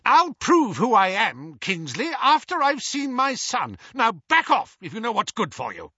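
A man voicing a frantic middle-aged father who shouts commands, in an audiobook reading. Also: extremely high pitch, wildly swooping pitch, measured pace, breathy edge, no echo, highs cut off, pitched above the performer's own voice, exaggerated voice. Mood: furious. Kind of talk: audiobook character voice.

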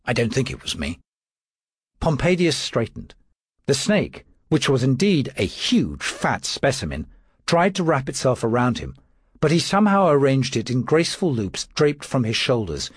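Man, audiobook narrator, first-person, wry, very lively pitch, dry close sound. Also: normal speed, husky, dry recording.

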